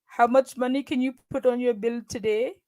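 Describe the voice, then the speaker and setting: A prim, overly courteous call-center agent who speaks in a thick foreign accent and stiff, scripted phrases, as a woman puts her on for laughs. The voice sits noticeably higher than everyday talk and pushes out a little louder, as if reading from a service script. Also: steady tone, normal speed, lightly acted. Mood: businesslike. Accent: put-on thick foreign accent. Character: polite female overseas call-center rep. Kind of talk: comic impression during a livestream.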